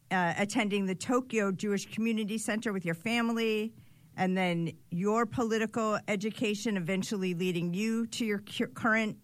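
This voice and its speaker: A woman's voice: medium pitch, dry recording. Woman interviewer in a dry room. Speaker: interviewer host. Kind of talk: interview questions.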